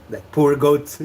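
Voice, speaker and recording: A man with an Indonesian accent, a native Sundanese speaker, hosting a casual livestream chat, relaxed and chuckling, with many fillers. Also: on the high side, a little hiss or hum. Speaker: host.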